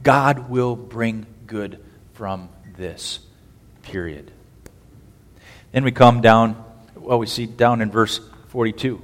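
A man preaching a sermon as pastor, swinging from loud, emphatic bursts down to quiet, low phrases. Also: slow pace, pauses often. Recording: long hall reverb.

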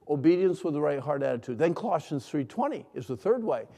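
A middle-aged man preaching a sermon, leading call-and-response and swinging between hushed and loud lines. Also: fairly high pitch, animated, moderate pace. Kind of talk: sermon to a congregation. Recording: long hall reverb.

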